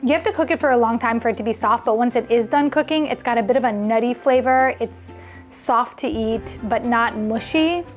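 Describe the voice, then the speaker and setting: A woman whose voice sits on the high side talks a little fast over soft background music. She's cooking at home for a casual vlog, enthusiastic and chatty, sharing her thoughts aloud as she goes.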